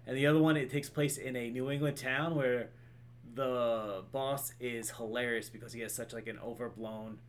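A man co-hosting a movie podcast in casual chat, talking in an animated, rambling way with casual swearing. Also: medium pitch, moderate pace, a little hiss or hum. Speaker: podcast co-host.

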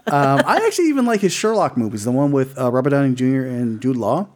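Rambling, lively-voiced podcast co-host man. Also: mid-range voice, quick pace. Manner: rambling, swears a lot, laughs often. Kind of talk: casual chat.

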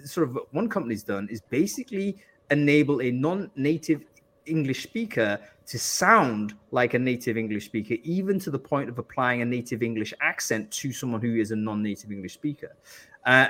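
A man hosting a live podcast, chatty and animated, asking guests about their experiences. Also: medium pitch, moderate pace. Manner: chatty, lots of fillers and restarts, animated. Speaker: podcast host.

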